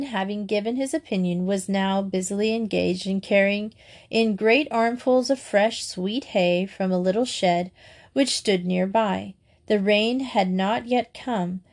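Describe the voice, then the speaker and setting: A woman narrating a storybook aloud in a clear, even storytelling manner. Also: medium pitch. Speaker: audiobook narrator. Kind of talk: storybook reading.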